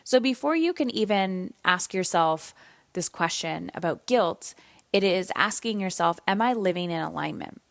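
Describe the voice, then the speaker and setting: A tired woman in her thirties talks through a solo podcast episode in a candid, conversational way. Her voice sits low for a woman, and the sound is dry and close, with no room around it. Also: expressive, normal speed, gravelly, fairly bright tone, no room sound. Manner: candid, conversational, with some swearing. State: yawning, tired. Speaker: podcast host.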